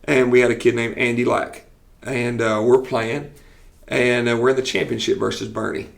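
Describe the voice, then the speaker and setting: Give me a man with a mid-pitched, gravelly voice, animatedly telling stories in an interview. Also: normal speed. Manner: animated storyteller who acts out quotes with laughs. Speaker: football coach and teacher.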